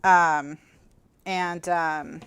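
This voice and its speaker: Woman, lower pitch, casual rambling chat, live crafting stream host. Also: fairly even intonation, very slow, fairly bright tone, smooth. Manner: chatty, rambling, with many fillers and restarts. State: has the hiccups.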